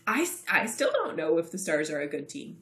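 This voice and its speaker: A woman co-hosting a podcast in casual sports chat, chatty and quick to laugh. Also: sits low, big pitch swings, fairly bright tone. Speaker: podcast co-host. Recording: roomy echo.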